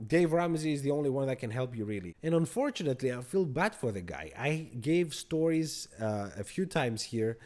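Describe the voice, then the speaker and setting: Host type: middle-aged man, mid-pitched, animated storyteller, exasperated asides to viewers. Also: moderate pace, hardly any pauses. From abroad. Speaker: credit card channel host. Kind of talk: casual storytelling to camera.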